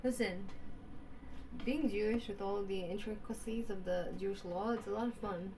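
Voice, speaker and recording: A woman's voice: mid-range voice, fairly even intonation, normal speed, noisy background. A woman in a rambling, casual monologue who repeats herself, keeps asking her listeners questions, and sprinkles in Yiddish and Hebrew words.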